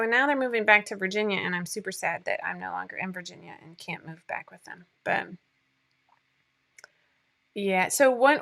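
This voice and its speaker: A woman's voice: medium pitch, sharp tone. A woman in her forties hosting a casual livestream chat from home, rambling and laughing often, sometimes teary. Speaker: livestream host.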